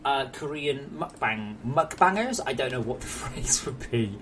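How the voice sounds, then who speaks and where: A young man with an English accent talks through a game stream in a loose, joking way, swearing now and then. His voice sits at a middle pitch. There is a faint hiss of the room behind him. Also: expressive, unhurried, fairly bright tone. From England. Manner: chatty, joking, swears freely. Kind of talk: casual live-stream chat.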